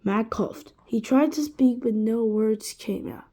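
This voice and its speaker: A woman reading a children's chapter book aloud, with slow, expressive storytelling. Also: fairly high pitch. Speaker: reader.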